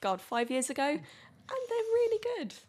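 A woman's voice: high voice, sing-song, normal speed, darkish tone. A woman with a slight lisp, chatting and giggling as a podcast guest. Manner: giggly, chatty, self-deprecating. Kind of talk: casual podcast chat.

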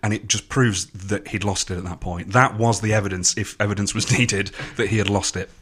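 A man's voice: on the low side, steady tone, fairly quick, a bit bright, slightly rough. A man co-hosting a podcast in dry, wry casual chat. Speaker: podcast co-host.

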